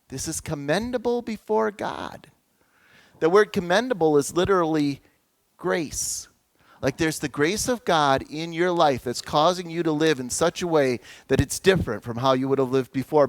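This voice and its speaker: A man preaching a sermon as pastor, in a conversational, storytelling way with lively asides. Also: fairly high pitch, dry recording.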